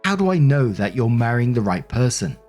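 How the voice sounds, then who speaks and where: A man's voice: medium pitch, very animated, brisk, a little mellow, faint music behind. A man voicing a self-pitying, defensive middle-aged mother who complains in a whiny, indignant, sarcastic way.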